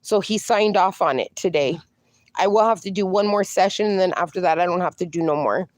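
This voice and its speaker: A woman's voice: on the low side, a little fast, darkish tone, no room sound. A woman livestreaming in a casual, chatty way, reading viewer comments aloud and calling viewers darling. She is in some pain and sounds slightly strained. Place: outdoors.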